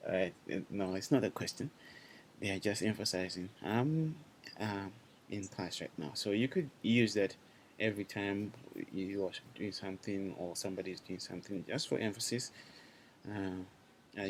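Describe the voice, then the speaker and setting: A man with a lowish voice teaches a small language class in a loose, chatty way. He restarts his sentences and keeps checking in with his students. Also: moderate pace, slight background noise.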